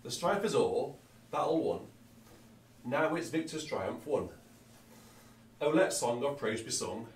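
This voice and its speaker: A man's voice: medium pitch, lively intonation, a little slow, long pauses, slight background noise, pitched above the performer's own voice, close to an everyday voice. A man putting on a broad Yorkshire accent as a hearty Yorkshireman reciting a hymn in a sing-song way. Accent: put-on Yorkshire. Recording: roomy and distant.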